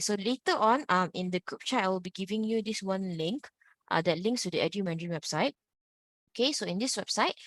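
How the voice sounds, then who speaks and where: A woman's voice: mid-range voice, a bit bright, no room sound. A woman teaching an online Mandarin class, drawing out each tone in big swoops and leading repeat-after-me drills. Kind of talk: online language lesson.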